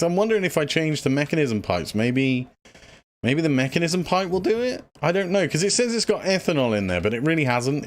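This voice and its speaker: A man casually chatting through a livestream, out of breath and rambling with lots of fillers as he thinks aloud. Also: on the high side. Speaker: streamer. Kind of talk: casual gameplay livestream chat.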